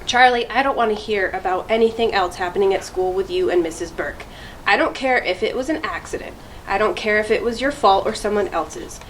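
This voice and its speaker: A woman's voice: medium pitch, brisk, a little hiss or hum, natural voice, low-quality recording. A woman reading aloud as a tired father firmly lecturing his son in a storybook. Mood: stern. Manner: firm, serious lecturing. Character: stern tired father of a boy.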